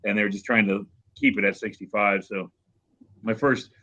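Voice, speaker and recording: A man telling an anecdote in casual chat, animated and acting out the people in it. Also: on the low side, moderate pace, highs cut off. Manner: animated, acts out voices in anecdotes. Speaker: car show host.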